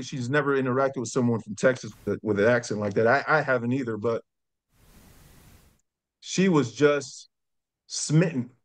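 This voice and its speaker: A middle-aged man, a former college football player telling stories as a podcast guest, acting out the voices of the people in them. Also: a little high. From New York. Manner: animated storyteller who acts out quotes. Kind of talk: casual storytelling.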